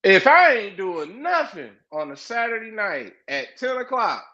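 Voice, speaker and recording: A man's voice: high-pitched, unhurried. A man co-hosting a podcast, chatting casually about wrestling and telling stories with mocking impressions. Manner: animated storytelling with mocking impressions. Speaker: podcast co-host. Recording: muffled lo-fi audio.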